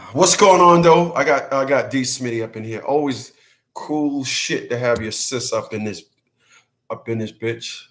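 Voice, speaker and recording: A man's voice: medium pitch, animated, slow, gravelly, a bit bright. A man hosting his own channel, talking casually and profanely, hammering points by repeating himself and laughing between rants. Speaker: channel host. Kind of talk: casual livestream rant.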